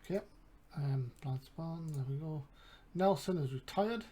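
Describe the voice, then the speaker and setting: Husky English man thinking aloud. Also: on the high side, a little slow, mellow. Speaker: gaming channel host. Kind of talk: casual game commentary.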